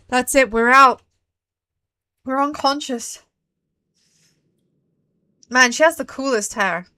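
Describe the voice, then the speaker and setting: A woman streaming a video game, giving loud, excitable commentary with swearing. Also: fairly high pitch, unhurried, long pauses, no echo. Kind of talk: let's play commentary.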